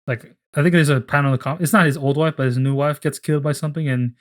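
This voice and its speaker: A young man in casual podcast talk, rambling as he pitches a story, swearing freely and briefly putting on voices for the characters. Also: steady tone, fast. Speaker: podcast co-host.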